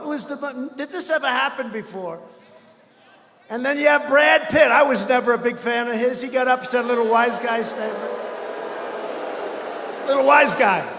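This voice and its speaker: Boastful man shouting in an echoey hall. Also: very high voice, moderate pace, pauses often, background noise. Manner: rambling, boastful, often shouting. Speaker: political speaker at a rally. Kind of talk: campaign rally speech. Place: large rally hall. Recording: echoey hall with long reverb.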